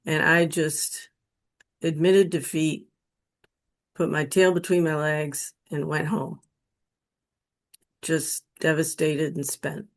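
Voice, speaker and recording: A middle-aged woman from Western New York slowly telling a personal spiritual testimony, emotional and earnest. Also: sits low, level tone. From Western New York State. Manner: slow, emotional, pleading when quoting her prayers. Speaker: guest telling her near-death experience story.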